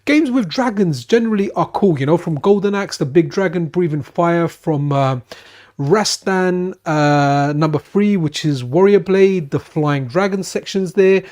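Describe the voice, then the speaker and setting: A man's voice: high-pitched, unhurried, a little mellow. A man chatting casually and enthusiastically while streaming retro games at a friend's house. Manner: chatty and enthusiastic, with frequent restarts. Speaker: streamer, channel host. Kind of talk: casual live-stream chat while gaming.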